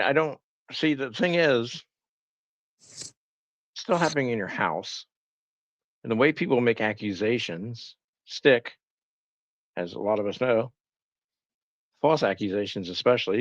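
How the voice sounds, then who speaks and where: A man's voice: mid-range voice, measured pace, long pauses, no room sound, muffled recording. A man co-hosting a casual live-stream chat, giving blunt, matter-of-fact commentary. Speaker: stream co-host.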